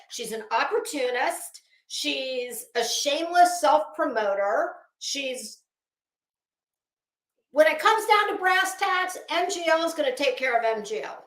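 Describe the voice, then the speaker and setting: A woman hosts a casual livestream, offering chatty, opinionated commentary directly to her chat. Her voice is high and fairly bright, picked up on a phone in an echoey room.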